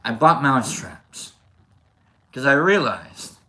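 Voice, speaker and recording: Bright-voiced man telling a rambling story. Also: medium pitch, takes it slowly. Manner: animated, rambling with restarts. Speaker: livestream host. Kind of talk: casual storytelling to chat.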